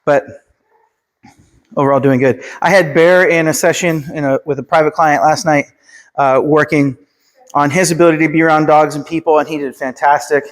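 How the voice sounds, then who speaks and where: Calm man giving dog training tips. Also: a little high, normal speed. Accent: Pennsylvania. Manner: calm, gives short commands to the dog between explanations. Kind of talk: instructional dog training video.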